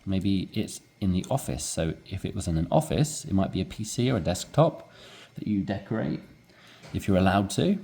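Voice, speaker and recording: Lively low-voiced male English teacher. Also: moderate pace, gravelly. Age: adult with young children. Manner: animated, demonstrates rising inflection. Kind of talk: explaining a textbook dialogue.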